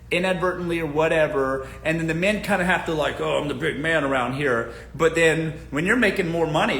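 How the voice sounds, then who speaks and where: Male host, blunt and jokey dating advice, bright tone in a roomy space. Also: fairly high pitch, a little hiss or hum. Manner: blunt, joking, talks straight to listeners. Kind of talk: casual live-stream advice talk.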